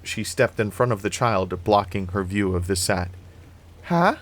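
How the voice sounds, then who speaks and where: Casting: man, low voice, steady horror novel narrator. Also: moderate pace. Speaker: reader. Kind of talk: dramatic horror novel reading.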